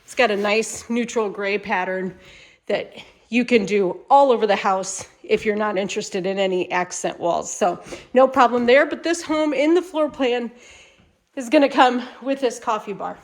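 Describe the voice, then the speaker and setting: A woman's voice: on the high side, normal speed. Upbeat woman walking viewers through a home, casual and a touch stuffy from a cold. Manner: upbeat, chatty, enthusiastic. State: slightly congested from a cold. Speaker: manufactured home salesperson and channel host. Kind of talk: casual home tour vlog.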